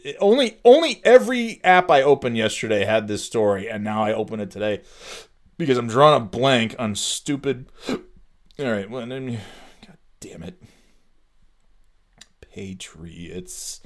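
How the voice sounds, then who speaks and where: A man's voice: lowish voice, a bit bright. A man ranting casually on his podcast, profane and exasperated, rambling with lots of restarts. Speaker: podcast host. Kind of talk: casual rant.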